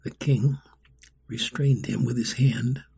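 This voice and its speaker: Gravelly, husky man reading a story. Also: mid-range voice, fairly even intonation, slow, warm tone. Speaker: narrator. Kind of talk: storybook narration.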